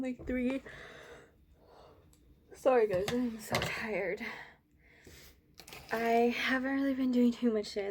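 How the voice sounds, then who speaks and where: Breathless young woman rambling softly. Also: a little high, a little hiss or hum. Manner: rambling, soft-spoken, with many fillers. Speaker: art student vlogger. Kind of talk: casual vlog chat.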